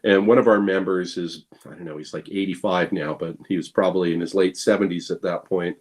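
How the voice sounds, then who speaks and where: Man telling a rambling story, lowish voice, lots of ums and uhs, playful quoted lines. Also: steady tone, brisk. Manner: rambling anecdotes with many fillers and restarts. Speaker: guest, blacksmith. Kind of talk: casual storytelling chat.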